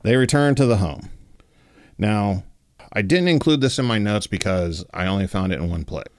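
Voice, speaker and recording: A man with a low voice tells a story in a loose, conversational way, full of filler words. The recording is dry and close, with no room echo. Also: moderate pace. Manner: relaxed, many fillers like 'like' and 'you know'. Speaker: podcast host. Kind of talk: casual storytelling.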